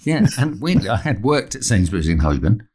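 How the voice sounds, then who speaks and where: A man's voice: on the low side, big pitch swings, a little fast, darkish tone, breathy edge. A man, a comedian guest on a talk show, telling comic anecdotes and acting out both sides of the dialogue.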